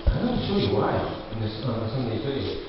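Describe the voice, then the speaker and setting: Animated preacher man in an echoey hall. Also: mid-range voice, quick pace, far from the mic, background noise. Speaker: pastor. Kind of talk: sermon. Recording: echoey hall from afar, muffled.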